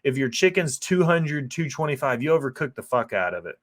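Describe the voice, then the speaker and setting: A chef's casual voice-over wanders as he walks through a cooking video, full of swearing and "like" and "um." He speaks briskly in a sing-song, mid-range male voice.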